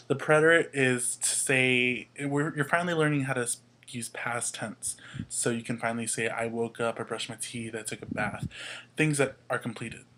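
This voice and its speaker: A young man hosts a casual lesson, walking through the material step by step and spelling out endings letter by letter. His voice sits at a middle pitch, with faint noise in the background. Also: fairly bright tone, rough recording. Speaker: host, Spanish tutor.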